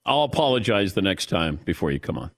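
A man's voice: low voice, sing-song, quick pace, gravelly, a bit bright. A middle-aged man hosting a radio show, teasing his guest and laughing often. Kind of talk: casual radio talk.

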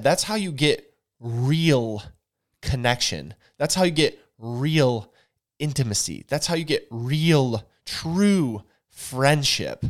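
A man, co-hosting a podcast in casual talk, earnest and emphatic, repeating words to drive a point home. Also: fairly high pitch. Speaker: podcast co-host.

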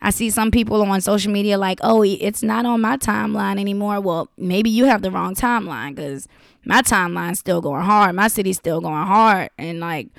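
A woman's voice: mid-range voice, moderate pace, creaky, no room sound, clean studio sound. Blunt, impassioned woman. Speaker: vlogger. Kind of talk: casual direct-to-camera talk.

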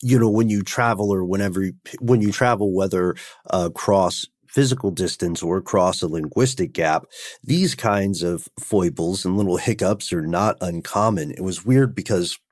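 A man's voice: sits low, moderate pace, no echo, clean studio sound. A man co-hosting a podcast in casual chat, telling a self-deprecating story in a wry anecdotal way. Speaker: podcast co-host.

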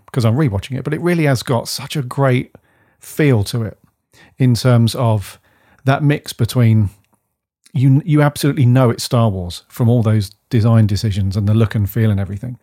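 A man from the UK co-hosting a podcast, chatting in a rambling, enthusiastic way and often letting his phrases trail off softly. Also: medium pitch, moderate pace. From United Kingdom. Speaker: podcast co-host. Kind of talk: casual chat.

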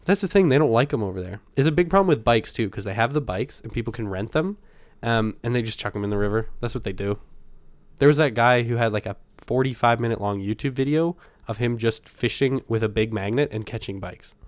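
A man's voice: medium pitch, a little fast, no room sound. A man trading jokes as a podcast co-host, laughing often and wandering through his sentences. His voice sits in a middle range and is recorded close and dry, with no room sound. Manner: joking, laughs often, rambling with fillers. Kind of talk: casual banter.

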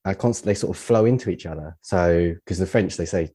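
A man from the United Kingdom, a poet as a podcast guest, talks in a reflective, halting way with many fillers and restarts. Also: deep voice, warm tone, slightly rough. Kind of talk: casual podcast conversation.

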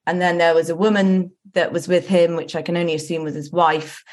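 A woman's voice: fairly low pitch, little pitch movement, fairly quick. Candid woman on a football podcast. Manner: candid, earnest, with frequent ums and restarts. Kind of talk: casual podcast chat.

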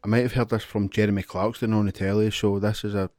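Blunt sweary podcast co-host. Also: male voice, fairly low pitch, little pitch movement, fast talker, a little mellow, no room sound, clean studio sound. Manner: blunt, laughs a lot, swears freely. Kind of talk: casual chat.

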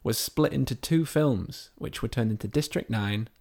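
A man's voice: mid-range voice, moderate pace, gravelly, a little mellow, husky. A man in casual chat as a podcast co-host, enthusiastically retelling game and film plots in a rambling way.

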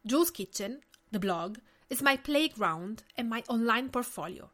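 An Italian-accented woman in her late thirties, originally from Tuscany, hosts her podcast with an expressive, fairly high and fairly bright voice at a moderate pace. What she says is scripted but earnest and personal.

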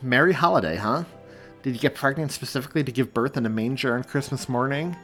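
A man's voice: medium pitch, quick pace, a bit bright, faint music behind, pitched above the performer's own voice, close to an everyday voice. A man voicing a dry, skeptical police officer in an audiobook. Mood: wry. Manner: dry and wry.

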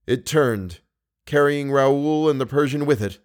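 A man's voice: medium pitch, unhurried. Male audiobook narrator reading a classic novel. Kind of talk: scripted narration.

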